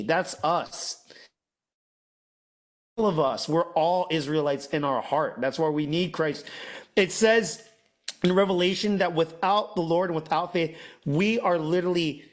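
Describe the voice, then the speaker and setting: A man hosting a masterclass, mixing an emphatic sales pitch with sermon-like preaching, repeating phrases for effect and mimicking doubters. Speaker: host, off-grid masterclass presenter.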